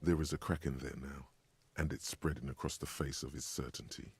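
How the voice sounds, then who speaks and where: An actor playing a detective's grave inner voice in a video game, speaking in measured, portentous lines. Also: male voice, very deep voice, fairly even intonation, husky, faint music behind, full character voice. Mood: ominous. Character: deep inner voice of a male detective.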